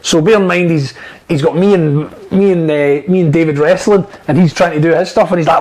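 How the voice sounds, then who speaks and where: A man, an actor guest telling lively, swear-filled stories in a casual interview. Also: fairly high pitch, quick pace, low-quality recording. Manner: animated storyteller, swears freely.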